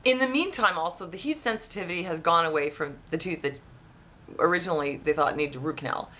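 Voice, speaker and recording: A woman casually telling a personal story, rambling and animated with lots of restarts. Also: fairly low pitch, quick pace. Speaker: vlogger.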